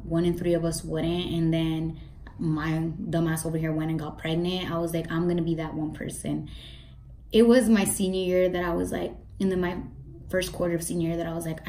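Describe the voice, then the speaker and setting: A woman's voice: lowish voice, darkish tone, slight background noise. A woman, telling a candid, profane story for her vlog, full of "like" and self-mockery. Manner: casual, profane, self-deprecating, peppered with "like". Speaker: vlogger. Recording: echoey room.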